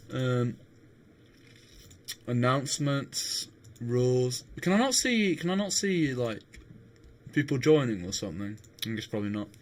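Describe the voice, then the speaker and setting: A man's voice: mid-range voice, a little hiss or hum. A young man chatting casually with viewers on a live game stream, laughing often and swearing now and then.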